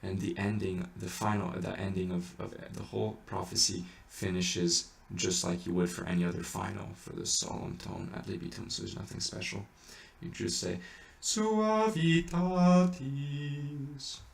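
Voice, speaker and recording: Low gravelly man teaching chant. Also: little pitch movement, normal speed, hardly any pauses. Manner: patient, explains in small steps. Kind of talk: casual step-by-step teaching. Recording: echoey room, distant mic, faint ambience.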